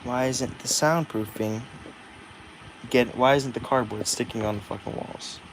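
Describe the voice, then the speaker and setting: A man's voice: medium pitch, unhurried, noisy background. A man vlogging at home, venting his frustration and swearing often as he talks to himself. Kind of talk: casual vlog.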